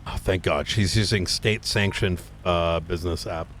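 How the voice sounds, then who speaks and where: A man with a low, fairly bright voice and fairly even intonation speaks at normal speed in casual roleplay chat on a game stream, playing a police officer. He rambles loosely with lots of fillers, and game car noise runs under his voice.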